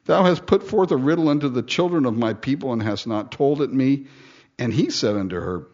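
A man's voice: mid-range voice, brisk. A man preaching a sermon in a joking way, acting out the story in voices. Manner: animated, joking, acts out the lines in voices. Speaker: pastor. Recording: dull, lo-fi sound.

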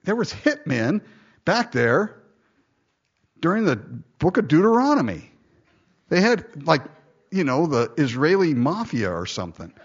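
A man's voice: on the high side, sing-song, measured pace, pauses often, husky, dull audio. A man preaching a sermon, reading scripture aloud and breaking off into jokey, conversational asides.

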